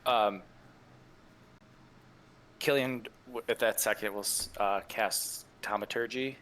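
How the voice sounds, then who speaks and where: A man playing a tabletop game who speaks hesitantly and slowly in a lowish, bright voice. Faint ambient noise sits behind him. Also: steady tone. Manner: hesitant, halting. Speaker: player.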